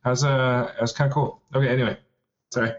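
A man co-hosting a casual podcast, teasing the others, rambling and quick to apologize. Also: mid-range voice, level tone, muffled recording. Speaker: podcast co-host.

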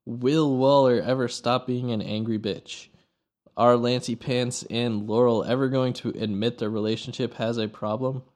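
A man's voice: medium pitch, fairly even intonation, moderate pace, darkish tone. A man hosting a casual podcast, joking around and summarizing loosely. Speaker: podcast host.

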